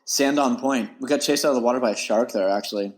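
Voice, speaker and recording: A man's voice: medium pitch, quick pace, big-room sound. A man, a podcast guest talking casually in a laid-back, rambling way. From United States. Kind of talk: casual interview chat.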